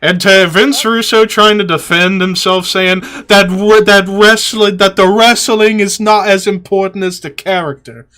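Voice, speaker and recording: A man hosts a casual podcast and rants with a lot of swearing, sounding exasperated. His voice is high and bright, with a sharp edge. He talks slowly. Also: steady tone, smooth. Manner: profane, ranting, exasperated. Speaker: podcast host.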